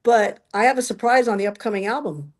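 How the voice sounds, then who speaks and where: A woman singer, a guest on a podcast, talking in a rambling, animated way about her shows. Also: medium pitch, fast. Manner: talkative, rambling, animated storyteller. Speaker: musician guest. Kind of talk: casual interview chat.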